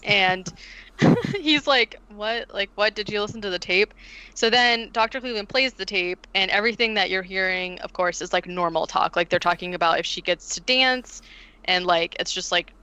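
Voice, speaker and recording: A woman's voice: medium pitch, normal speed, clean tone, poor audio. A woman co-hosting a podcast, casually retelling a film plot with lots of "like" and acted-out quotes. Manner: animated, heavy use of "like", acts out quotes. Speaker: podcast co-host recapping a film. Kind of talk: casual chat.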